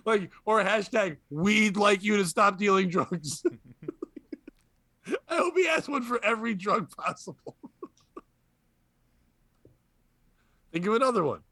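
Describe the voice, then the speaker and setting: A man's voice: sits high, animated, slow, pauses often, pushed and bright, no echo. A man hosting a comedy podcast, joking crudely and laughing often in casual banter. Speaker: podcast host.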